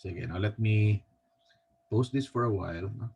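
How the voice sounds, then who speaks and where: A male teacher with a Filipino accent giving a recorded physics lecture, halting often and tagging his sentences with a questioning "no?". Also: lowish voice, a little mellow, dull audio, a little hiss or hum. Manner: halting, with frequent restarts.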